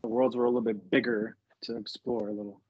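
A man with a husky voice co-hosts a casual podcast and lays out his argument in a measured, lengthy way. The recording is dry and close, with a dull lo-fi sound. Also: medium pitch, little pitch movement, dry recording. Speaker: podcast co-host. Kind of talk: casual chat.

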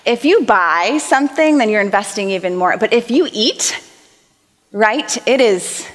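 A woman's voice: medium pitch, lively intonation, measured pace, long reverb tail. A young adult woman preaching a sermon in a church, earnest and conversational, reading scripture aloud. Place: church auditorium.

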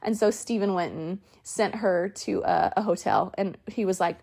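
A woman's voice: mid-range voice, expressive, normal speed, few pauses, slightly rough. A woman in her thirties hosting a podcast, telling stories in a casual way and acting out the quoted lines. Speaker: podcast host. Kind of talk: casual storytelling.

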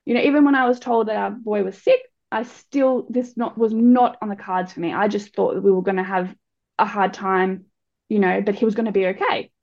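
Gravelly-voiced woman telling her story. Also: mid-range voice, fairly even intonation, a little fast, darkish tone. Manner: candid and frank, with frequent restarts. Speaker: guest speaker. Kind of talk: personal story in an interview. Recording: dull lo-fi recording.

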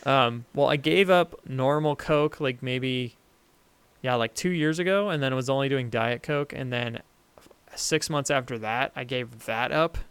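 Young male podcast co-host, smooth, dry close sound, rambling chatty delivery. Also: medium pitch, a little slow, fairly bright tone, no echo. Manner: rambling, self-interrupting, laughs easily. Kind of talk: casual chat.

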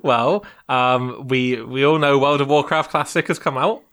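A man with a bright, forceful voice chats casually as a podcast co-host. He rambles, hesitates and restarts his sentences often, and he. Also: medium pitch, a little slow. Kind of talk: casual chat.

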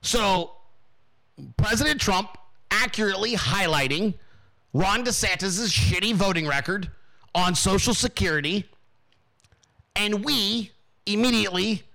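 A man hosting his own show, telling a story in a casual, profane, animated monologue. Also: high voice. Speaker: podcast host.

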